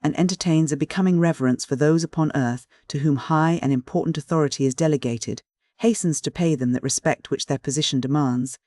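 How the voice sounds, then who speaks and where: A man narrating a classic novel in a formal, measured reading style, close to the microphone. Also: on the high side, a little mellow, no echo. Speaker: audiobook narrator. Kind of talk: scripted narration.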